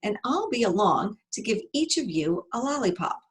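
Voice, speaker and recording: A woman voicing a resourceful young boy adventurer in a storybook reading, calm and politely coaxing. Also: mid-range voice, normal speed, lightly acted.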